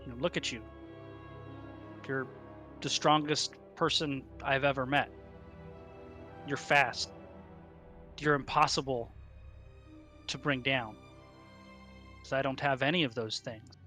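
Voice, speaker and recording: An earnest young adventurer played by a man speaks in a halting, heartfelt way, his voice bright and clear over faint background music. He sounds shaken but resolved. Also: mid-range voice, steady tone. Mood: admiring, rueful.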